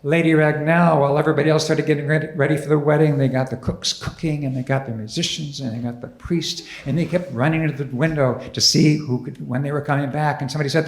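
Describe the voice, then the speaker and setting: Gravelly, fairly high male storyteller, animated live telling, echoey church hall. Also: a little fast, hardly any pauses. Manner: animated, dramatic.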